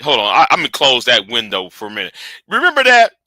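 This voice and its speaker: A man hosting casual commentary, animated and rambling, often restarting and sinking to mutters. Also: medium pitch, fast, no echo. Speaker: commentary host.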